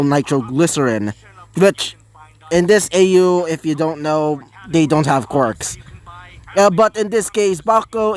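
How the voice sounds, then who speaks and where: Male storyteller, rambling improvised narration, slightly high voice. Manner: rambling, many fillers and restarts.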